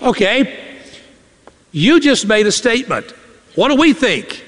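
A man preaching a sermon from the pulpit of a church, animated, and often acting out the voices of the people he quotes. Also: very high-pitched, unhurried, long pauses, long reverb tail. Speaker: pastor. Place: church sanctuary. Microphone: podium or stage mic.

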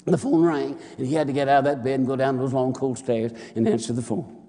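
A man's voice: medium pitch, level tone, quick pace, warm tone, long reverb tail. A man preaching a sermon, telling folksy anecdotes and often repeating "and he said.". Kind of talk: sermon storytelling.

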